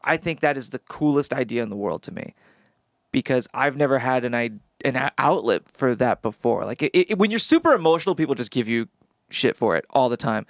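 A man co-hosting a podcast, talking in an animated way, blurting out pop culture references and swearing casually. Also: medium pitch, a little fast, dry recording, studio quality. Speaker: podcast co-host and actor. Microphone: studio podcast microphone.

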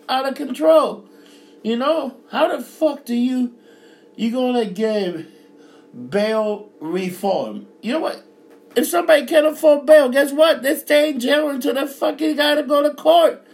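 A man's voice: very high-pitched, vocal fry. A man from New York City in an angry, profane rant, sarcastic and furious.

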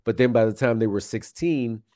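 A man as a guest financial advisor, giving steady, measured interview answers with occasional fillers and restarts. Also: mid-range voice.

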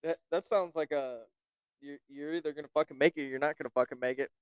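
A man's voice: on the high side, fairly even intonation, clear, resonant tone, no room sound, highs cut off. A man hosting a podcast, asking a guest questions in casual chat and reacting with plenty of swearing. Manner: profane, laid-back, quick reactions. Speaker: podcast host.

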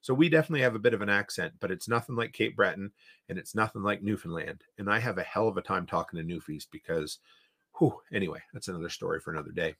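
A man's voice: low-pitched, quick pace, creaky, a bit bright, breathy edge. A man with an Eastern Canadian accent, hosting a casual livestream and reading viewer comments aloud with rambling reactions. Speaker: podcast host.

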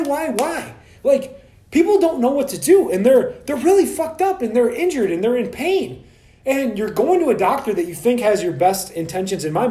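A man ranting on a solo podcast, heated and profane, mocking other practitioners in quick asides. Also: high-pitched, darkish tone, reverberant.

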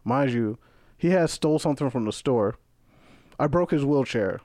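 A man's voice: mid-range voice, moderate pace, no room sound, clean studio sound. A young man, a podcast guest telling a story in casual chat, swearing freely and acting out what people said. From Brooklyn, New York. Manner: animated, profane, acts out quoted voices.

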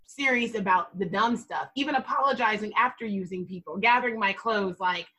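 A woman's voice: medium pitch, brisk, bright, forceful tone, husky, poor audio. A woman co-hosting a casual podcast chat, telling candid stories and laughing often. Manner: candid, laughs a lot, storytelling.

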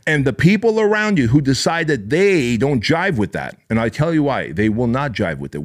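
A man hosts a motivational podcast in a mid-range voice. He is blunt and profane, and he drives every point home with emphatic intensity. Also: medium pitch. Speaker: podcast host. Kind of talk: motivational monologue.

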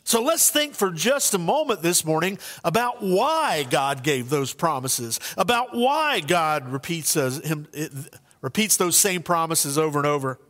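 A male pastor preaching a sermon in an earnest, conversational way, shifting between soft and emphatic delivery in a church sanctuary. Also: on the high side, lively intonation, measured pace, in a large hall.

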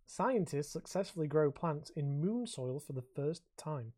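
A man's voice: on the high side, measured pace, hardly any pauses, warm tone. A man, co-hosting a podcast in casual chat, swearing and rambling as he talks. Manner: sweary, rambling, laughs often. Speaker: podcast co-host.

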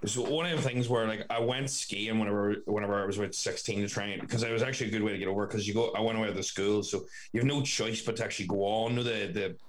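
A man's voice: on the low side, steady tone, quick pace, few pauses, rough recording. A man, a former firefighter, rambling with lots of fillers on a podcast. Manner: rambling, filler-heavy talk. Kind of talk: casual podcast chat.

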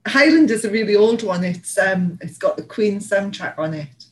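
A woman's voice: mid-range voice, animated, normal speed, rough recording. A woman from England, co-hosting a casual chat and rambling through stories with lots of fillers and laughs. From Northeast England. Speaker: podcast co-host.

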